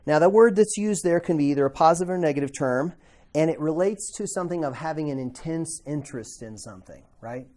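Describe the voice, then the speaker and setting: A man teaching a classroom Bible lesson in a conversational way, asking the class questions and acting out quoted voices with sudden loud outbursts. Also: fairly high pitch, lively intonation, fairly quick.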